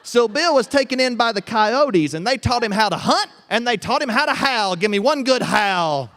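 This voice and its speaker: Man, high voice, folksy tall-tale drawl, live storytelling. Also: lively intonation, normal speed, fairly bright tone. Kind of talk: live storytelling to a family audience. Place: festival tent.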